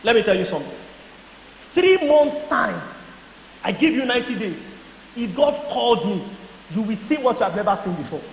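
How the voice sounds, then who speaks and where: This high-voiced Nigerian guest speaker tells his testimony at a moderate pace, with vocal fry and frequent pauses, acting out dialogue and laughing and shouting along the way. Faint noise and echo from the hall surround his animated talk.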